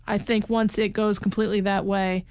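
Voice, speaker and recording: A woman in casual film-review chat, thinking aloud about movies. Her pitch sits in an ordinary middle range. The sound is dry and close, with no room around it. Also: flat delivery, brisk, darkish tone, smooth, dry recording. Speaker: podcast co-host.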